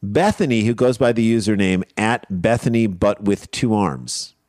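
A man's voice: on the low side, animated, moderate pace, a little mellow, dry recording, clean studio sound. A man co-hosting a casual comedy chat, retelling a news story with wry asides. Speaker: podcast co-host.

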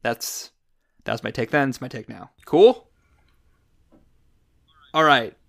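A man hosting a casual film podcast, chatty and animated as he leads the discussion. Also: mid-range voice, takes it slowly, vocal fry. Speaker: podcast host.

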